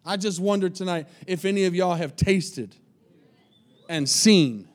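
A man preaching a sermon as pastor, reading scripture aloud and repeating phrases, swinging between quiet and loud. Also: sits high, a little slow.

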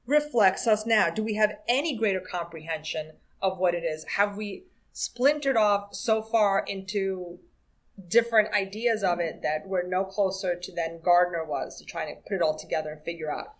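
A woman's voice: medium pitch, moderate pace. An American woman co-hosting a podcast in casual chat, thoughtful and musing. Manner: thoughtful, reads quotes aloud. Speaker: podcast co-host.

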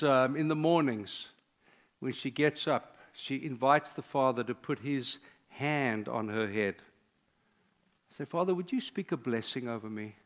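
An older man, a pastor, preaching a sermon with personal stories, sometimes dropping to a hushed confessional tone. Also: on the high side.

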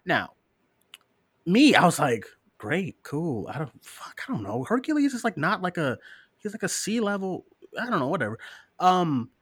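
A man's voice: high-pitched, normal speed, husky, no room sound. A man co-hosting a casual live-stream show, reading listener questions, laughing often and cursing freely. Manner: animated, profane, laughs often, mocking voices.

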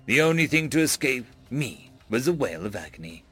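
A man's voice: sing-song, normal speed, slightly rough. A man narrating a dramatic first-person story, raising his voice sharply for panicked lines. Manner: voices characters' panicked shouts with big pitch jumps.

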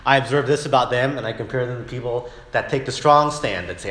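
A man's voice: medium pitch, fairly quick, a bit bright, slight background noise. A man teaching a Sunday school Bible lesson in a conversational way, often asking "right?" and acting out imagined speakers. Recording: echoey room.

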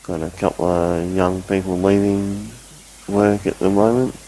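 A man's voice: deep voice, fairly even intonation, a little slow, mellow, slight background noise, rough recording. A man rambling through a casual recorded voice report, poking fun at himself. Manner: rambling, self-mocking. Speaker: listener sending a recorded report.

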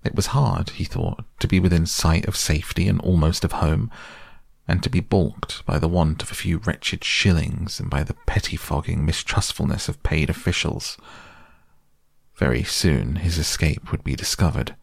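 Deep, gravelly male storyteller. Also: moderate pace, no echo, studio quality. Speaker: narrator. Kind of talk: storybook narration.

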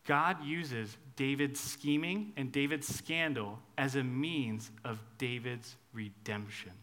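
A man preaching a conversational sermon, swinging between hushed asides and loud, emphatic lines. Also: medium pitch, slow pace.

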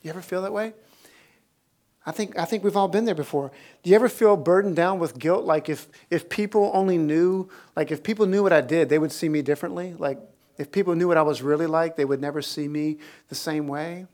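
An animated preacher delivering a sermon to a church congregation. The delivery jumps between excited storytelling with soaring pitch and laughter and quieter, earnest appeals to the listeners. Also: brisk. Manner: laughs while telling stories. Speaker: pastor.

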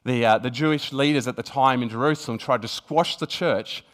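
Here a mid-range male voice preaches a little fast. He reads scripture aloud as part of the sermon, speaks earnestly with frequent restarts, and works up to emphatic peaks.

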